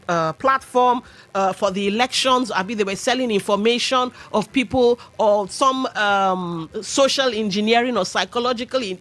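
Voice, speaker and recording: A woman's voice: mid-range voice, a bit bright. A Nigerian woman hosting a radio talk show, giving opinionated commentary with pidgin asides. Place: radio studio.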